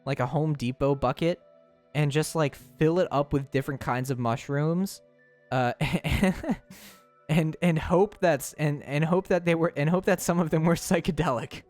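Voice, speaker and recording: A man's voice: on the high side, a little slow, darkish tone, faint music behind. A young man streaming live, chatting playfully with his chat, laughing often and tripping over his words.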